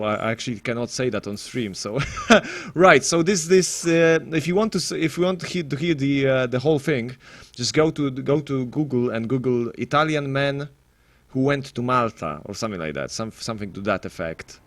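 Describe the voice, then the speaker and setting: A man's voice: mid-range voice, moderate pace, a bit bright. A man casting an esports match on his live stream, rambling and self-deprecating with frequent restarts. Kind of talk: casual live stream commentary.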